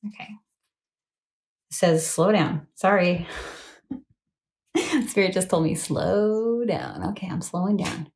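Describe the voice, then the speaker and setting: A woman's voice: fairly low pitch, fairly even intonation, a little slow, long pauses, a little mellow. A woman in her thirties giving a chatty, rambling tarot reading to her phone camera at home late at night, often apologizing and laughing. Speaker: tarot reader.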